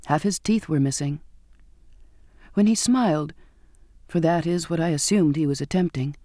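A woman narrating a first-person audiobook in a measured, descriptive storytelling manner, recorded close in a studio booth. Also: deep voice, mellow, dry recording.

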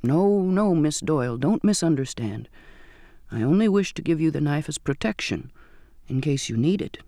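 A man reading an audiobook and voicing a soft-spoken, unsettling old sailor with a slow, courtly manner. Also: on the high side, expressive, gravelly, no echo, studio quality. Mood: soft, coaxing. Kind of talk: audiobook character voice.

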